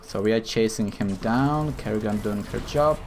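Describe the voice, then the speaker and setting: A man's voice: fairly low pitch, normal speed, soft background music. A man giving live commentary over his own gameplay, thinking aloud and explaining his choices in a hesitant, explanatory way.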